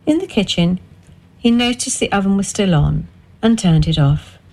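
A woman narrating a dark domestic story in a measured, expressive way. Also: mid-range voice, a little hiss or hum, rough recording. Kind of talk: scripted narration.

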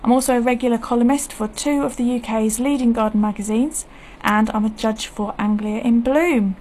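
A friendly woman chats as host of a community radio gardening programme, laughing easily between questions. Her voice sits a little high. A faint hiss runs under the studio recording. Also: fairly quick, a little mellow. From England. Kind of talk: radio chat.

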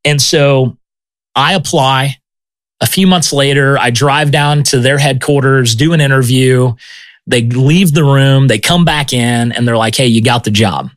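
A man telling his personal testimony as a missionary, talking in an animated, conversational way. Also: medium pitch, a little slow, no echo. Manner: animated, conversational, often says "man" and "right?". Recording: music bed under speech.

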